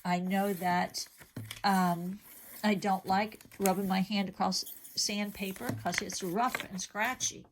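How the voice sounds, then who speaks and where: A woman's voice: mid-range voice, fairly even intonation, takes it slowly, a little hiss or hum. A middle-aged woman teaching a vocabulary lesson to young children, patiently explaining each word with simple examples and questions.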